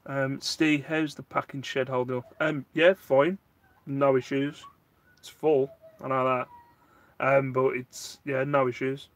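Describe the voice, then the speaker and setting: A man's voice: mid-range voice, measured pace. A man, hosting a casual live stream, rambling and answering viewer chat, getting worked up at times. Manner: rambling, animated, gets worked up.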